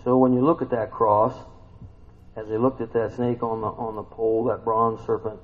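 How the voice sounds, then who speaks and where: A man's voice: mid-range voice, flat delivery, normal speed. A man preaching an informal sermon, reading scripture aloud and talking it through with his listeners, asking them questions and acting out what people say. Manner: conversational, asks the listeners questions, acts out quotes. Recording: tinny phone-like sound.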